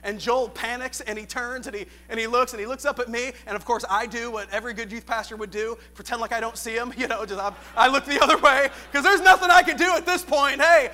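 A man who is a youth pastor, preaching a sermon with animated delivery, moving from shouted questions to quiet, joking storytelling. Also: very high voice, fast talker, hardly any pauses.

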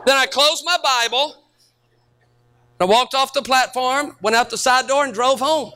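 A middle-aged man preaching as a pastor, telling stories to his congregation and rising to shouted peaks. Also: very high-pitched, normal speed, clean tone. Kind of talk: sermon.

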